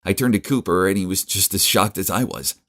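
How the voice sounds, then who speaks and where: Young man, deep low voice, earnest scripted first-person narrator for an animated story. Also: fairly quick.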